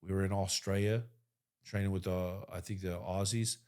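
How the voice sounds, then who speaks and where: A man in his forties, a military veteran and podcast guest, telling stories casually in an animated, profane way, often getting louder for emphasis. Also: low voice, normal speed. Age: 40s. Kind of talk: casual storytelling.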